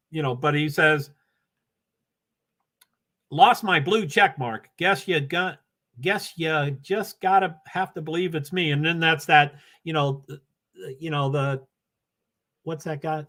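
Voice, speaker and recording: Older male stream host, slightly high voice, scattered chatty delivery. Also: bright, forceful tone. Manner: chatty and scattered, reading viewer comments aloud. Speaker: livestream host. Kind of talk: rambling casual livestream chat. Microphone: laptop.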